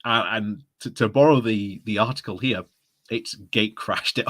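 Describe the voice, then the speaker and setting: A man's voice: on the low side, normal speed, a bit bright. Giggly man hosting a live stream. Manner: giggly, chatty, often laughing mid-sentence. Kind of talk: casual live stream commentary.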